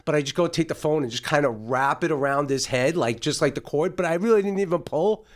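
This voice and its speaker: A middle-aged man hosting a podcast, telling a story in a casual, animated way. He swears freely and acts out the voices of the people in it. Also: a little high, brisk. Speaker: podcast host.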